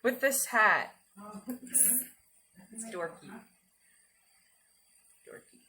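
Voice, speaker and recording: Woman streaming herself cooking, bouncy up and down voice, slow easy pace, bit of faint room hum. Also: mid-range voice, expressive. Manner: chatty, giggly, talks to chat while cooking. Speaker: livestreamer cooking. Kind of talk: casual cooking livestream chat.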